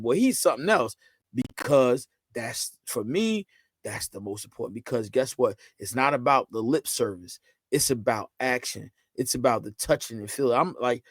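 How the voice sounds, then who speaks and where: A man appears as a guest on a casual podcast, telling stories with energy. When he quotes family and friends, he acts out the lines with his voice jumping higher. The audio is close and dry, with no echo from the room.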